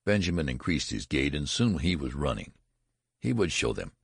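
A man reading a story aloud as a narrator, in a measured and even manner. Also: a bass voice, vocal fry, husky, no room sound, clean studio sound. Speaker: audiobook narrator. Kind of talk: scripted narration.

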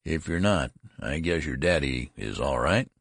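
A man's voice: very deep voice, animated, measured pace, vocal fry, fairly bright tone, slightly rough, dry recording, clean studio sound, full character voice. A man doing a hesitant shop clerk. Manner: offhand, then hesitant. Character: casual, teasing shop clerk, adult man.

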